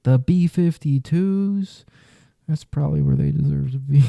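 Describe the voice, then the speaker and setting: A man's voice: on the high side, measured pace, gravelly, warm tone, dry recording. A man reacting casually to a music list, muttering exasperated, profane comments with whispered asides.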